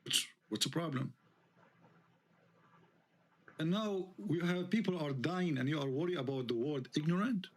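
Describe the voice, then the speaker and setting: A man's voice: fairly high pitch, normal speed, pauses often. Indignant man. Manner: heated, indignant, rhetorical questions. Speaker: online show host. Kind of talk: live online debate talk.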